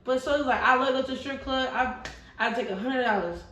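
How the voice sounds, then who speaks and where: High-voiced, quick and a little bright, this twenty-something podcast guest spins stories in loose, slangy conversation, doing voices for the characters. Her audio carries a roomy echo from a distant mic, with faint ambience behind it.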